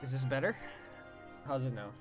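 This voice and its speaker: Excitable young man streaming a game. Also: mid-range voice, normal speed, music in the background. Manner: excitable, swears and exclaims between read-out passages. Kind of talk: casual game streaming, reading game text aloud.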